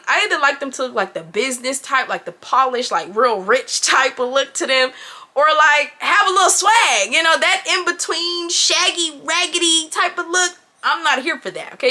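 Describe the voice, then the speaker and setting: A woman in her twenties telling a storytime to the camera in animated, chatty, slangy style, recorded indoors on a camera mic. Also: high-pitched. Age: 20s. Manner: animated, chatty, talks straight to viewers with slang. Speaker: vlogger. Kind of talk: casual storytime chat.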